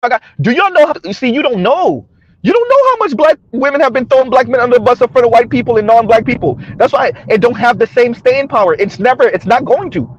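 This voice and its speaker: A man's voice: very high-pitched, animated, fast talker, dry recording, lo-fi sound. A man hosting a casual commentary vlog, talking mockingly to his viewers, laughing often and asking "right?" over and over. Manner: addresses viewers directly. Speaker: commentary channel host.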